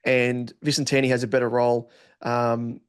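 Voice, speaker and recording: A man's voice: medium pitch, completely flat delivery, moderate pace, clean tone. A man co-hosting a fantasy football podcast in a playful, jokey way, spinning running gags between his takes on players. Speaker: podcast co-host.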